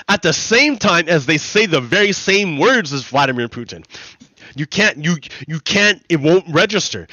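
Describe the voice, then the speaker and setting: A man's voice: fairly high pitch, sharp tone, no echo, highs cut off. Rambling, laughing man streamer. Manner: rambling, laughing, repeating himself. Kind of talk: casual livestream commentary.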